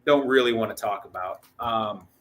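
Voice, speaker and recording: Bright-voiced man rambling breathlessly. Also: on the low side, normal speed, rough recording. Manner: rambling, restarts with repeated words, excitable. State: short of breath. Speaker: sports podcast host. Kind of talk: casual postgame talk.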